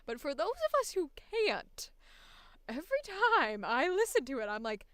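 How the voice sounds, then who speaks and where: A chatty woman voice actor talks shop in a bright, ringing voice that sits a little high. Her tone is crisp and smooth, and she is animated and quick to laugh. The sound is close and dry. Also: no room sound. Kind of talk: casual chat about voice acting.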